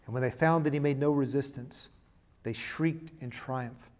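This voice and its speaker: A man preaching a sermon and reading a storybook passage aloud, swinging from hushed to loud and emphatic. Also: medium pitch, moderate pace.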